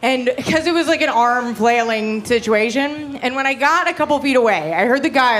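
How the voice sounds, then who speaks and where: A young woman working a comedy club crowd with a high, bright voice. Her delivery is brash and foul-mouthed. She keeps laughing at her own jokes into a handheld stage mic. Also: expressive, moderate pace, few pauses. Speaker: stand-up comedian. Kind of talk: stand-up comedy set. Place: comedy club stage before a live audience.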